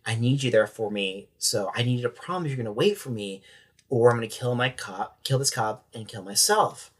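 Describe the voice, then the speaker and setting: A man's voice: mid-range voice, lively intonation, a little fast, natural voice. A man voicing a desperate young hostage-taker who pleads urgently with his girlfriend over a phone call. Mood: pleading.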